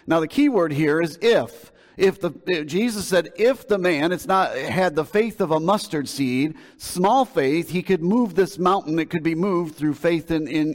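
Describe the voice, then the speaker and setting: A man's voice: on the high side, unhurried, few pauses. A male pastor delivering a sermon, retelling a scripture story with emphasis in a conversational preaching manner. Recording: long hall reverb.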